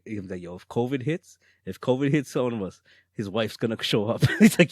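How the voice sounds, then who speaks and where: A man's voice: mid-range voice, fairly quick, dry recording, clean studio sound. A young man co-hosting a podcast in casual chat, telling stories with lots of laughter. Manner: laughs often, animated storyteller. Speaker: podcast co-host.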